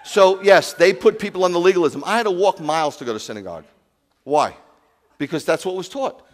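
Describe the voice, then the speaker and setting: A man preaching a sermon as rabbi, animated, swinging from loud exclamations to quiet asides. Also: sits high, fairly quick, in a large hall.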